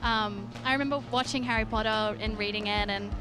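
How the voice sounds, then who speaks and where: A woman giving casual, halting street-interview answers full of fillers. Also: medium pitch, steady tone, over music.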